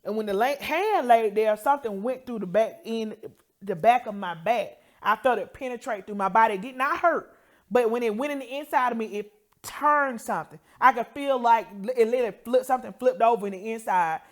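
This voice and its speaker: A woman tells an emotional healing testimony in a fairly high voice. She moves through the story with feeling and acts out the doctor and her family as she quotes them. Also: fairly quick. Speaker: co-host sharing a healing testimony.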